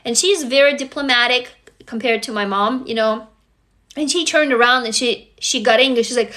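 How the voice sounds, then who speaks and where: A woman speaks in a high, bright, forceful voice. She hosts a livestream and talks in a raw, intense way, swearing freely and circling back to the same phrases again and again. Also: moderate pace. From Russia. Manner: raw, intense, profane, repetitive. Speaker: livestream host. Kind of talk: emotional livestream monologue.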